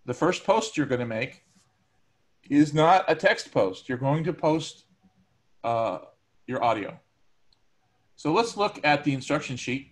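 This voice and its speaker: A man with a mid-range voice gives his students a recorded lecture, chatting conversationally and using everyday examples. Ums and uhs come up frequently.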